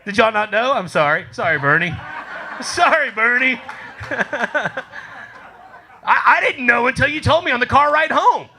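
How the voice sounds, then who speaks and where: Comedy club guy on stage, really high voice, raunchy and laughing as he talks. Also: unhurried, long pauses, a little hiss or hum. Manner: animated, swearing, laughing through lines. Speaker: comedian telling a memorial story. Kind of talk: profane stand-up storytelling.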